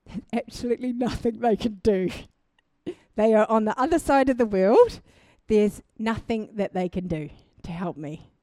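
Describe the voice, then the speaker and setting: A young woman preaching a sermon, telling a personal testimony in an animated way and building to fervent exhortation. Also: fairly high pitch, normal speed, no room sound. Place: church.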